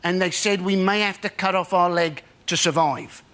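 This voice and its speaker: A man's voice: high voice, fairly even intonation, moderate pace, a bit bright. A man performing a punchy, mock-exasperated stand-up routine on a comedy show.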